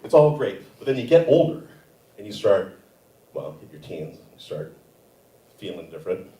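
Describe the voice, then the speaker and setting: A man doing a stand-up comedy set on a theater stage, animated and acting out other people's voices. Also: on the low side, normal speed, recorded from a distance. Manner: animated, acts out voices of relatives and fantasy women. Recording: echoey theater, mic heard from afar.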